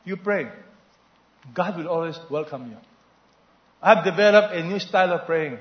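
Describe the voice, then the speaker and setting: Male pastor, sermon delivery, higher-pitched voice, echoing hall sound, call-and-response style. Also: moderate pace. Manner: animated preaching, call-and-response questions to the congregation. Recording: echoey, slightly dull hall recording.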